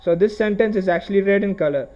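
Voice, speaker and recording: High-voiced man explaining code, dull lo-fi sound. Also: fast talker, dark tone. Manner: explains step by step with frequent okays and restarts. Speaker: programming tutorial host. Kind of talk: screen-recorded coding lesson.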